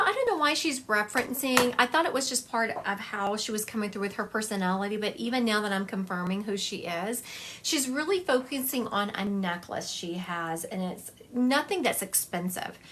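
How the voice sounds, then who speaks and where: A woman's voice: mid-range voice, fairly bright tone, slight background noise. A woman giving a psychic medium reading on a live stream, talking in a chatty, confiding way and thinking aloud as she goes.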